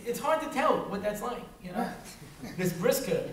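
A man's voice: sits high, animated, moderate pace, recorded from a distance. A man giving a humorous Torah talk in a synagogue, telling stories and acting out voices. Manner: storytelling, breaks into voices and laughs. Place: synagogue hall. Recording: roomy hall recorded from afar, faint noise.

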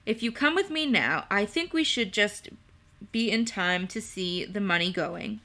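A fussy little kobold boss snaps and grumbles in a bright voice, as a woman puts him on. His lines come slow and deliberate in a storybook reading. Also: medium pitch, animated. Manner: snappish, grumbling. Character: fussy adult male kobold leader, small and blue.

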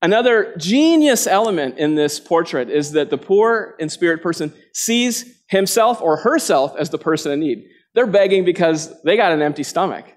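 A man with a somewhat higher voice preaches a sermon before a live congregation. He talks earnestly, asking his listeners direct questions. When he acts out quotations, his voice jumps sharply in pitch. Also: animated, normal speed, few pauses.

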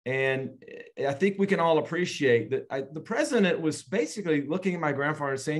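A man, a guest in an interview, telling a family story earnestly and slowly with frequent pauses. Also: a little high, lively intonation.

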